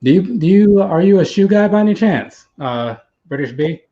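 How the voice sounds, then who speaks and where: A man's voice: sits high, expressive, moderate pace. A man hosting a casual livestream chat, easygoing and rambling, with hesitant stops and restarts. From United States. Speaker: livestream host. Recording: dull lo-fi sound.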